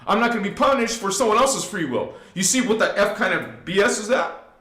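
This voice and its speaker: A man with a fairly high voice gives a live spiritual talk to his viewers. He preaches with emphasis and speaks straight to his audience, dropping low and then rising loud. The room around him rings with echo. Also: lively intonation, brisk. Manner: emphatic, swings from hushed to loud; preachy, addresses listeners directly. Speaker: spiritual channel host.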